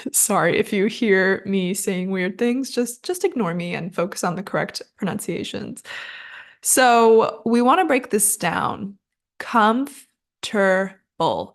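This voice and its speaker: An unhurried young woman giving a relaxed pronunciation lesson, chatty and quick to laugh at her own mistakes. Her voice sits at an ordinary middle pitch, and she takes her time over every word. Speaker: English teacher. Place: room with air conditioner running.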